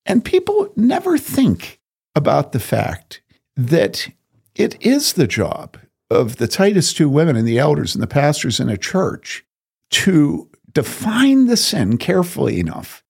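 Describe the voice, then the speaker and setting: A man's voice: a little high, gravelly, darkish tone. A man speaking as a pastor, telling a story from his ministry in an earnest, emphatic way and asking rhetorical questions.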